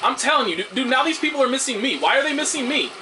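A man commentating on his own gameplay, swearing loudly at the game and making sarcastic remarks. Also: very high voice, animated, fast, background noise. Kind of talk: let's play commentary.

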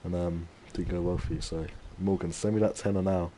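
A man's voice: sits low, fairly even intonation, a little fast, mellow, slight background noise. A young man streaming a fighting game, trash talking his viewers and daring them to wager. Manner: cocky trash talk to chat. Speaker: gaming streamer. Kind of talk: live game stream commentary.

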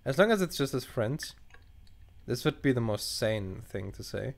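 Speaking at a moderate pace in a gravelly, mid-range voice, a young non-native English speaker runs a gaming channel. In his casual let's play commentary he reacts animatedly with swearing and reasons out loud as he reads through choices.

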